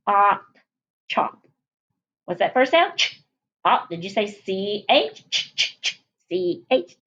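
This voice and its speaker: A woman teacher leading a phonics lesson for young children, cheerfully sounding out letters and words slowly. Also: mid-range voice, fairly bright tone, highs cut off. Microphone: recorded at a whiteboard.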